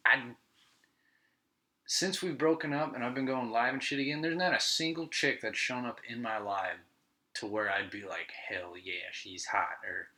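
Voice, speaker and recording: A man's voice: mid-range voice, pushed and bright, rough recording. A man hosting a podcast, telling stories in a casual, profane, rambling monologue. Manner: profane, ranting storyteller. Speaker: podcast host.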